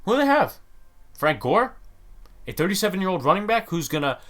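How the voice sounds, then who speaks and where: A man's voice: high voice, sing-song, fairly quick, a bit bright. A man hosting a sports podcast, ranting in a heated, exasperated way. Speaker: podcast host.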